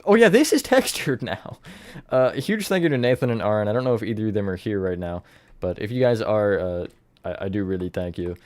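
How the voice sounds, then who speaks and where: A man with a lowish voice chats loosely through a live stream. He rambles and thinks aloud as he builds, stopping now and then to greet viewers. The sound is close and dry, with keyboard typing behind him. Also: a little mellow, no echo. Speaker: livestreamer building in a game. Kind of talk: casual live-stream chat.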